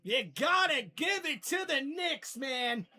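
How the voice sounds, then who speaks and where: A man calling a game live as a streamer host, excitable and yelling on big plays, talking to his chat viewers. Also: very high voice, takes it slowly. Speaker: livestream play-by-play host. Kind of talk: live play-by-play commentary.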